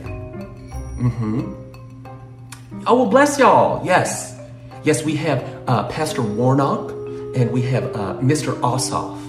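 A man's voice: medium pitch, reverberant, voice pushed down. A man putting on a fake Southern accent, playing an overly polite phone banker. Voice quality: exaggerated drawl, overly polite.

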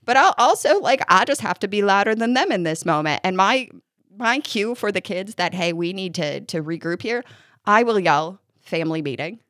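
A woman in her thirties co-hosting a casual parenting podcast, talking in an animated way and acting out her own yelling. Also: mid-range voice, normal speed, dry recording, clean studio sound. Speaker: podcast co-host.

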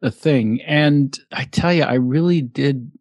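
A man hosting an interview podcast in a chatty, playful way, often breaking into quick impressions. His voice sits in a middle register and is recorded dry and close, with no room sound. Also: mid-range voice, a little mellow, no room sound. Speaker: podcast host. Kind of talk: casual interview chat.

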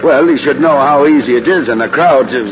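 Man doing a smooth Irish con man, ingratiating, overly friendly, dull old radio sound, steady background noise. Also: mid-range voice, a little fast, lightly acted. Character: smooth-talking male airport con man. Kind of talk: 1940s radio acting.

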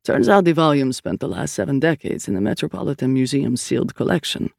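Brief: studiously calm older priest, gravelly, dry recording, read by a man. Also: mid-range voice, no room sound. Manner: calm, measured.

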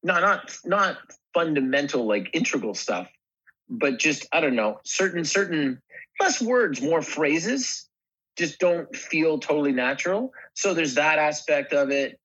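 A man, an actor, chatting in an interview, halting and restarting his sentences often. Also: fairly high pitch, expressive, a bit bright, breathy edge, muffled recording. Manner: halting, many restarts and fillers. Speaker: actor guest. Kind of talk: casual interview chat.

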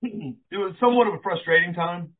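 A man's voice sitting high and moving a little fast comes through a tinny, phone-like line. He's a former pro wrestler being interviewed casually, and he spins wrestling tales with lively energy, imitating the people he quotes and cursing offhandedly.

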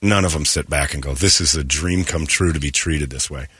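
A man's voice: extremely low pitch, a little fast, pushed and bright, husky, dry recording, studio quality. A man hosting a morning radio show, telling a story in casual banter and slipping into quoted voices.

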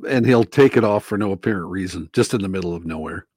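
A man co-hosting a radio show, chatting casually in a relaxed, halting way. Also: sits low, dry recording, studio quality. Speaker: radio host. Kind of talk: casual chat.

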